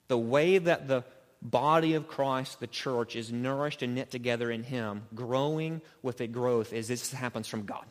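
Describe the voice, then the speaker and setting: A man preaching a Bible sermon with animation, dropping low and quiet on key words. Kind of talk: expository sermon. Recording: long reverb from a large hall.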